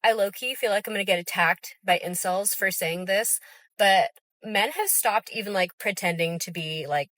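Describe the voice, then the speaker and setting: Chatty young woman, bright dry voice. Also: mid-range voice, moderate pace, no echo. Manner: chatty, full of "like" fillers. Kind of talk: casual video rant to camera.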